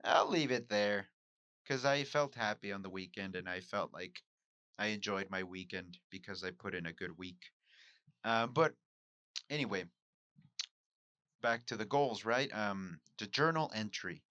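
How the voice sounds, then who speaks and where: A man from Mexico thinks out loud in a candid solo podcast monologue, questioning himself as he goes. His voice sits a bit low but has a sharp, forceful edge. The sound is dry, with no room echo. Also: measured pace, pauses often, lo-fi sound. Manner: musing, self-questioning, candid. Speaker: podcast host and amateur stand-up comic.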